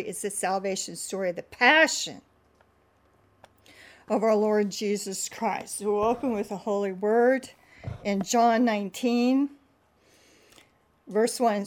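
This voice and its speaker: A woman preacher who prays with earnest, fervent repetition and then reads scripture aloud with dramatic emphasis. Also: mid-range voice. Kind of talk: prayerful sermon and scripture reading.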